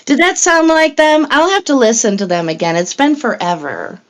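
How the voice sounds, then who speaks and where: A woman's voice: high-pitched, expressive, moderate pace, a little hiss or hum, rough recording. A woman in casual voice-chat banter who laughs often between her sentences. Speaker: chat participant.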